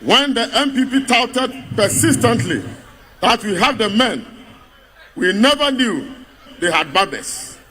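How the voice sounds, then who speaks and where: A man's voice: extremely high pitch, very animated, unhurried, bright, forceful tone, a little hiss or hum. A man with a Ghanaian accent delivering a mocking political speech to a party congress, building up rhetorical refrains. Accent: Ghanaian English.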